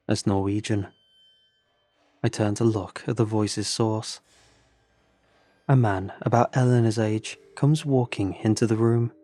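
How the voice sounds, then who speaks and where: A man narrating a horror story in a steady, measured storytelling voice. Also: lowish voice, no echo.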